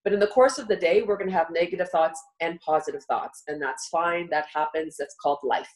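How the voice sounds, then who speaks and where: A woman's voice: fairly low pitch, brisk, a little mellow, low-quality recording. A middle-aged woman guest on a live talk show, earnestly coaching listeners step by step. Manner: earnest coaching, walks listener through steps. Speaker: guest speaker.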